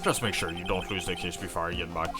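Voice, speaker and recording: A man's voice: sits low, fairly even intonation, fast, over music, natural voice. A man voicing a friendly, eager male police detective with a casual, folksy way of talking.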